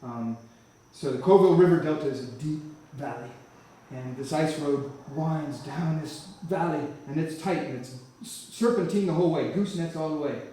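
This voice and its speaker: A man's voice: on the high side, normal speed, warm tone. A man giving a testimony at church, telling his story vividly and animatedly, often restarting phrases. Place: church hall. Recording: echoey church hall from far off.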